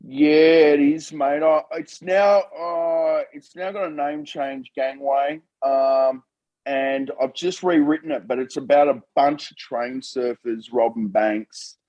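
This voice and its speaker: A man's voice: on the high side, takes it slowly, lo-fi sound. A man, a film director guest telling stories animatedly in a casual interview. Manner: animated storyteller, laughing and calling people mate.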